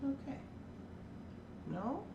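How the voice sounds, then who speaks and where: A woman drags out her words while hosting a casual morning livestream from her home workroom, chatting, greeting viewers by name, and playfully teasing her cats. The recording has its highs cut off and a noisy background.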